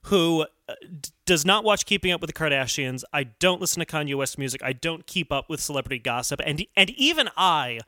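Young male podcast host, dry close mic, lively teasing chat. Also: on the high side, a little fast, dry recording. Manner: playful, teasing, animated. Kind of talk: casual comedic podcast chat.

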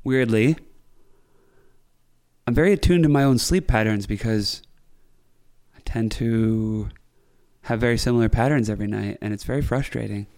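Gravelly man in casual podcast chat. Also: mid-range voice, moderate pace, pauses often, darkish tone. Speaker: podcast co-host.

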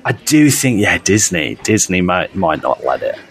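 Animated, playful man. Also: low-pitched, moderate pace, husky. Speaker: podcast co-host. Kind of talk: casual chat.

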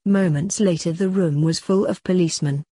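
A woman reading a short story aloud in a plain steady manner. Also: lowish voice, moderate pace, husky, no echo, studio quality.

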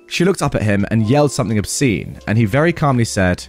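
A man reading online stories aloud in an animated way and adding his own comments. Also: medium pitch, quick pace, hardly any pauses, soft background music. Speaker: story narrator.

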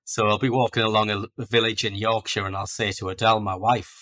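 Man in his forties, podcast guest, bright low voice, anecdotal and self-deprecating. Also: flat delivery, fast. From North East England. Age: 40s. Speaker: guest author. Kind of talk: casual podcast interview.

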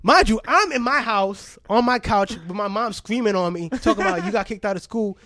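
A man in his forties from the Bronx with a New York accent, a guest DJ telling lively stories in a casual interview and acting out the people in them. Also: high-pitched, fairly quick, no echo, studio quality. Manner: animated storyteller, acting out quotes with laughter.

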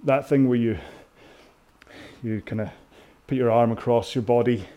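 Rambling, self-mocking British rowing coach. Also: male voice, medium pitch, fairly even intonation, a little slow, dark tone, lo-fi sound. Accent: British English. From Britain. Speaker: rowing instructor. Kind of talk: casual talk over a row-along workout.

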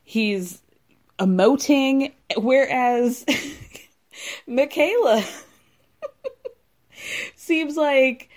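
A woman recapping a reality show in casual chat, animated and laughing often as she acts out quotes. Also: high-pitched, extremely slow, pauses often.

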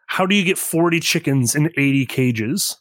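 A man with a somewhat high voice, recorded close and dry. He rambles casually as he walks his friends through the game setup and rules in a loose, offhand way. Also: animated, moderate pace, fairly bright tone, no room sound. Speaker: player guiding the game setup. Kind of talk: casual tabletop game chat.

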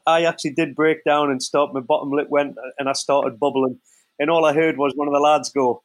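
A man who co-hosts a podcast and tells lively stories in a casual chat. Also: fairly high pitch. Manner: lively storyteller. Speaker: co-host, former footballer.

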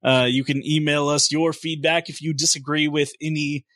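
A man's voice: on the high side, flat delivery, moderate pace, fairly bright tone, no echo. A man hosting a podcast, chatting loosely and laughing often. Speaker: podcast host. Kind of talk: casual podcast banter.

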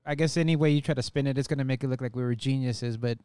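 A band member in casual conversation, reflective and rambling. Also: male voice, medium pitch, fairly even intonation, rapid-fire, dark tone, clean tone, dry recording, studio quality. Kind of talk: casual chat.

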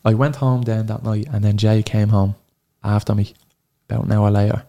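A man in his thirties with an Irish accent, a podcast guest telling an emotional personal story, halting and sorrowful, swearing freely. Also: fairly low pitch, little pitch movement, dark tone. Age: 30s.

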